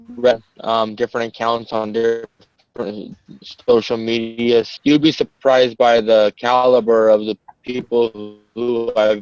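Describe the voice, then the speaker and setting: A man with a smooth voice talks haltingly on an online call, often restarting. The sound is very dry and close, with dull, lo-fi quality. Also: medium pitch, darkish tone, dry recording. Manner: halting, many restarts and fillers. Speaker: call guest. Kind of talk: casual discussion.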